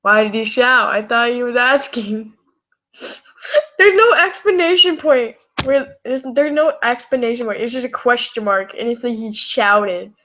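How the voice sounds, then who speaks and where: She has a fairly high, fairly bright voice with lively intonation and an unhurried pace, casually reading fan fiction aloud to her live stream. Her throat is scratchy and she sounds tired, giggling and rambling between apologies, with muffled lo-fi recording quality.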